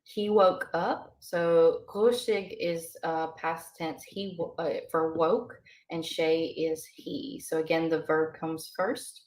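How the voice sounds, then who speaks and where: A woman's voice: low voice, steady tone, slow pace, few pauses, a little mellow. A woman teaching beginner vocabulary in a casual, hesitant way, with many ums and uhs. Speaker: language teacher. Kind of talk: casual lesson explanation.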